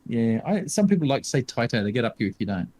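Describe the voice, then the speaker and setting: A man's voice: mid-range voice, very animated, racing, dark tone. A man in his fifties co-hosting a podcast, talking casually with many ums and restarts. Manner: hesitant, lots of ums. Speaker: podcast co-host. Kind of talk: casual chat.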